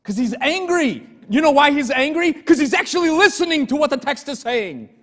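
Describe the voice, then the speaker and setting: A man's voice: very high voice, lively intonation, moderate pace. A male pastor preaching an earnest, emphatic sermon and telling stories to his congregation in a church sanctuary. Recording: long church hall reverb.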